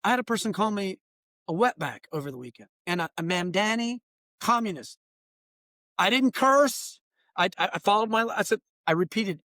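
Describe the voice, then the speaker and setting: A man's voice: high-pitched, normal speed, no echo, clean studio sound. A man in his late fifties, a consultant talking animatedly and emphatically as an interview guest. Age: late 50s. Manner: animated and emphatic, acting out quoted exchanges. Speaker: guest, diversity trainer and consultant. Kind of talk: casual interview conversation.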